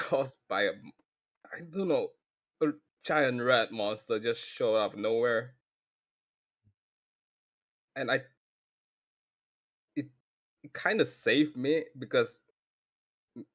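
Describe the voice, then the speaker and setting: A man voicing a shaken, defensive teenage boy character who explains things haltingly and nervously. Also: medium pitch, natural voice.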